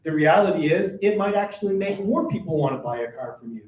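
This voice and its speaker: Older man talking fast in a roomy hall. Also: on the high side, expressive, a little mellow. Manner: fast-talking, checks in with "right?" and "all right?". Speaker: workshop presenter for a workers' advocacy centre. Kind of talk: live workshop talk. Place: meeting room at a chamber of commerce. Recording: roomy, distant, faint noise.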